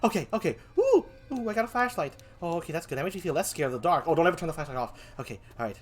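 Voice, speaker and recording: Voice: medium pitch, big pitch swings, rapid-fire. A streamer voicing a timid, panicky, cowardly survivor in a game, babbling and shrieking in fright. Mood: frightened. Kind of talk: in-character game commentary.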